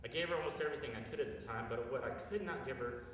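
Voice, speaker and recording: A man in his thirties tells a personal story on stage in an earnest, confessional manner, his voice bright and clear. He is picked up from far off in a long, echoey hall with faint room noise behind. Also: mid-range voice, racing. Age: 30s. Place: stage at a live storytelling show.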